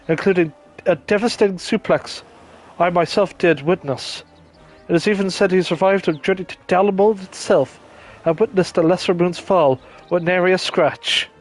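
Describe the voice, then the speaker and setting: A man voicing a scheming male villain doctor in a flat, robotic delivery while reading game dialogue aloud. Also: high-pitched, close to an everyday voice.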